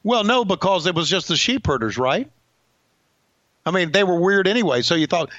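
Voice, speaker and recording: Lively, higher-pitched man on a dull line. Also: moderate pace, no echo. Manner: laid-back, wry, laughs along. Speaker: podcast co-host. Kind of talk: casual wrestling chat.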